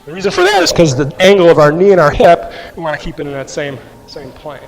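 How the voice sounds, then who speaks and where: A man leads a rehab exercise class, talking patiently and conversationally as he guides each movement. His voice sits a little high, and it rings with the long reverb of a large room. Soft music plays faintly underneath. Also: huge pitch swings, fast. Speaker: qigong and mobility instructor.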